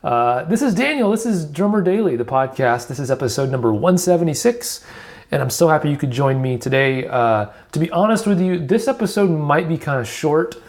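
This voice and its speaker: A man's voice: a little high, expressive, fairly quick, darkish tone. A man from Alabama hosting his own podcast, talking candidly in a rambling way with many restarts and fillers. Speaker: podcast host. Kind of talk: casual solo podcast talk.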